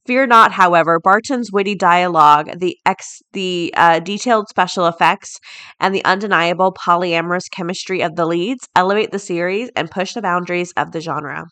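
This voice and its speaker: A woman's voice: fairly low pitch, normal speed, bright, forceful tone. A middle-aged woman hosting a daily podcast, chatting off the cuff with frequent laughs and reading out headlines. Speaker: podcast host. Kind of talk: casual chat and reading headlines.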